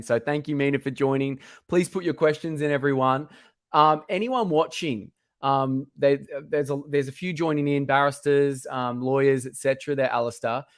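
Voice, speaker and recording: A man hosting a live-streamed interview, greeting viewers and encouraging his guest with quick affirmations. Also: medium pitch. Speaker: host.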